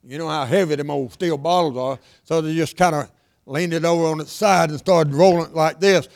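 Gravelly older preacher. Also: male voice, fairly high pitch, a little fast. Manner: emphatic, repetitive preaching with sudden loud and hushed lines. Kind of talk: sermon.

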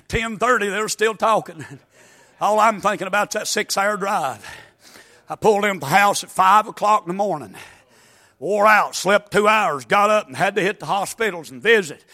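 A man preaching a fiery sermon, with a weak, worn voice, swinging from folksy asides into chanted, shouted climaxes. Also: sits high, moderate pace.

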